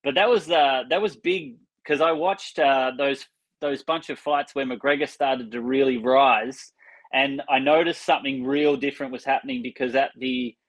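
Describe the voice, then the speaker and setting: A man's voice: mid-range voice, fairly even intonation, moderate pace, rough recording. A man from Australia, chatting as a podcast guest and talking with many fillers. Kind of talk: casual chat.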